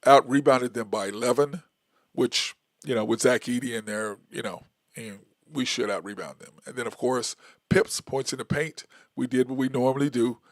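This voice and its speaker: Gravelly, rambling sports talk host man. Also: medium pitch, normal speed, dry recording, clean studio sound. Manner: rambling, self-correcting, counts stats aloud. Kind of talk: casual sports opinion monologue.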